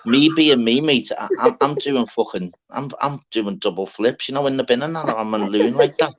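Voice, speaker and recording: A man's voice: medium pitch, moderate pace, highs cut off, a little hiss or hum. A man from Scotland telling a rambling, swear-filled party story in casual chat, repeating "lad" as he goes.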